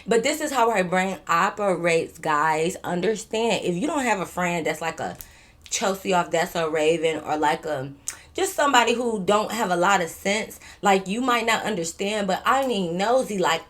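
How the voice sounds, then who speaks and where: A young woman tells a storytime in casual, slangy talk. She talks animatedly and acts out what others said. Her voice sits in a middle pitch. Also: normal speed. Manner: animated, slangy, acts out quotes and drops to a whisper. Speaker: vlogger telling a story.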